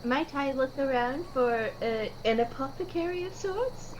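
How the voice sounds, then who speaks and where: A playful woman taking part in an online tabletop game, her voice high and bouncing up and down a lot. She comes through a voice call with clear background noise under everything she says. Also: animated, unhurried, poor audio. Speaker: player.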